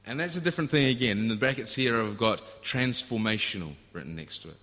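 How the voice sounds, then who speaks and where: A man's voice: mid-range voice, animated, fast, a bit bright. A man preaching a sermon in an earnest, storytelling way, often restarting his phrases. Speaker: pastor. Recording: echoey hall.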